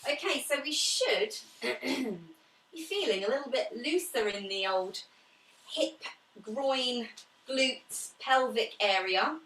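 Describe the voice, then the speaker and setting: Leading a pilates class, a woman walks students through slow stretches and breathing with gentle cues and friendly chatter, all in a calm manner. Her slightly high voice is picked up by a distant mic in a room with a clear echo.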